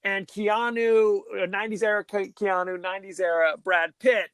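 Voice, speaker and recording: A man co-hosting a podcast in casual chat, animated, often mocking actors' line readings. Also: high-pitched, normal speed, clean tone, no room sound. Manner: animated, mocks line readings with exaggerated impressions. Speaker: podcast co-host.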